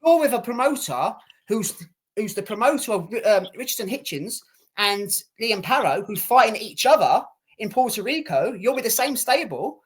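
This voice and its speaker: A man's voice: sits high, very animated, normal speed, breathy edge. A man co-hosting a casual boxing podcast, ranting and swearing with lots of repetition. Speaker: podcast co-host.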